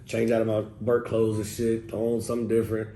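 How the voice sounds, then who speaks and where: A man telling casual stories as an interview guest, profane and animated, acting out what people said. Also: lowish voice, fast. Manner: profane, animated, acts out quotes. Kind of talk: casual storytelling. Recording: echoey room with faint noise.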